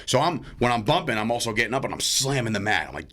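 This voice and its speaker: A man from New Jersey, a podcast guest and wrestling commentator, telling animated stories and acting out quotes with plenty of swearing. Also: medium pitch, quick pace, few pauses. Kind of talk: casual storytelling chat.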